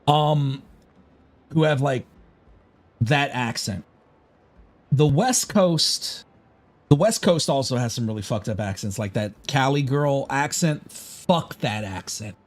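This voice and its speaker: Chicago guy on a gaming stream, rambly and cussing a lot, mid-pitched voice. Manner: rambling, profane and opinionated. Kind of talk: casual livestream chat.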